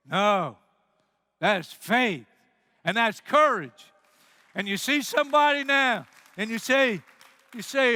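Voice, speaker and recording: A man's voice: extremely high pitch, takes it slowly, pauses often, dry recording. A man preaching a sermon as pastor, telling stories with energy and acting out the quoted lines. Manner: animated storytelling, acts out quotes.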